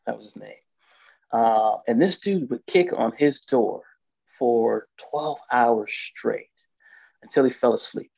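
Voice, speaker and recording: A man's voice: mid-range voice, slow pace, gravelly, breathy edge, no echo, highs cut off. Candid man telling a raw story. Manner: emotional, candid, animated retelling with quoted dialogue. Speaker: guest telling his story. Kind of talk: casual storytelling on a podcast.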